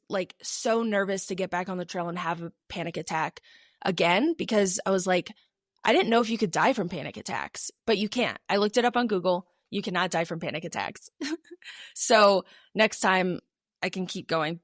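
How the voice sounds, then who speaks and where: A woman's voice: mid-range voice, dry recording, clean studio sound. A young adult woman co-hosting a podcast, telling a personal story in a casual, chatty way with many fillers. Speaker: podcast co-host.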